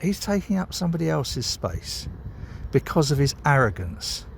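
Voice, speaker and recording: A man's voice: medium pitch, creaky, a little hiss or hum. A British man vlogging outdoors by a canal, rambling and sweary, a bit tipsy after a beer, ranting heatedly. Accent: British English. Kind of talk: casual outdoor vlog rant.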